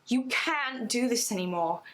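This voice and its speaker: A woman's voice: a little high, animated, measured pace, fairly bright tone. A woman voicing a worried younger brother who pleads earnestly and insistently as part of a retold story. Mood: firm.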